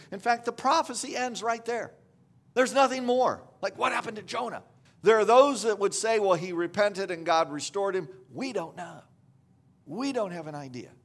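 A man's voice: very high-pitched, a bit bright. A man preaching a sermon in a conversational storytelling manner, with frequent restarts and asides.

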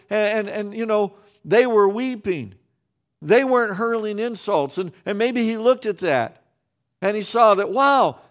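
A man with a high voice preaching a sermon at an unhurried, deliberate pace. He leans on repetition and pauses for weight, and when he speeds up he stumbles into restarts and doubled words. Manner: restarts and repeated words when speaking quickly. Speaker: pastor.

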